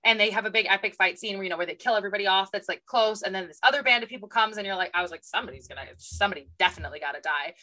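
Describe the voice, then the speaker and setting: A young woman co-hosting a book podcast in casual chat, animated and acting out characters' lines. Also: medium pitch, rapid-fire, hardly any pauses. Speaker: podcast co-host.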